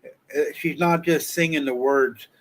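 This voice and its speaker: A man's voice: on the high side, fairly even intonation, measured pace, rough recording. A man co-hosting a live stream who teases his partner in a good-natured way. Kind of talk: casual live-stream chat.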